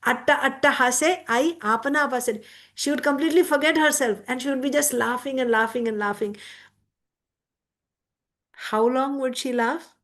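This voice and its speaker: A woman's voice: sits high, normal speed, a bit bright. A woman giving a devotional scripture class, reciting verses and then explaining them word by word.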